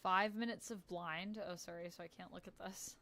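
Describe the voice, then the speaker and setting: A woman's voice: lowish voice, steady tone, moderate pace, pushed and bright. A woman in her thirties chatting casually on a livestream, upbeat and reading out viewer messages. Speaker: streamer.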